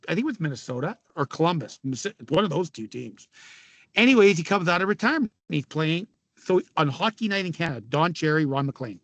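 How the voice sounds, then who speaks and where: High-voiced man telling rowdy stories. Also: gravelly, dry recording. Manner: animated, laughing, swearing storyteller. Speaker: former hockey player, podcast guest. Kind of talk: casual storytelling.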